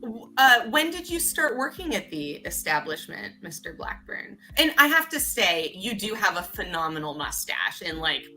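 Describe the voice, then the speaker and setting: A woman at a tabletop game rambles through her ideas with lots of "like" and "um". Her voice is bright and her pitch jumps around a lot. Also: big pitch swings, moderate pace, few pauses, soft background music. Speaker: player. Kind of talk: casual tabletop role-play.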